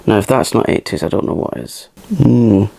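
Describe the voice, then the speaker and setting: A man hosting a makeup channel, talking softly through a tutorial in a chatty, self-mocking way and sometimes dropping into a whisper. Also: on the low side, very animated, fast talker, creaky, dry recording. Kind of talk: soft-spoken makeup tutorial.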